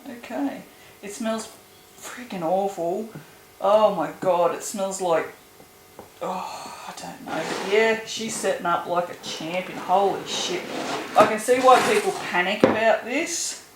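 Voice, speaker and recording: Speaking at medium pitch and a little slowly, a woman chats casually while making soap at home, groaning and swearing in disgust at some smell. Echo and noise fill the room.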